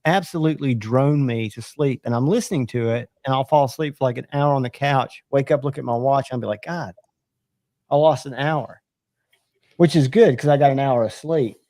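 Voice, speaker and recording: A man's voice: mid-range voice, fast talker, few pauses, mellow, dry recording, studio quality. A man hosting a late-night live stream, chatting casually and rambling about knives and his day. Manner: rambling, chatty, trails off and restarts. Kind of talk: casual knife chat.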